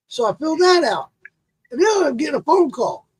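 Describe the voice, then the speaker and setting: A man's voice: very high-pitched, sing-song, unhurried, bright, forceful tone, no room sound, low-quality recording. A man telling a long, profane story in casual chat and acting out the quotes.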